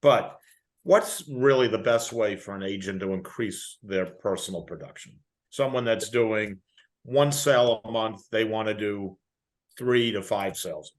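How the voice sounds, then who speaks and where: Man, podcast host, lower voice, measured questioning. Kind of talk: podcast interview.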